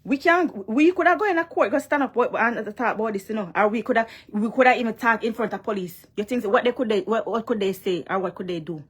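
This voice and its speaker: A Jamaican woman delivers a confrontational vlog rant, mixing Patois and English as she scolds. Her voice sits a little high. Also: quick pace, hardly any pauses, breathy edge. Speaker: vlogger. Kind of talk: heated monologue to a rival.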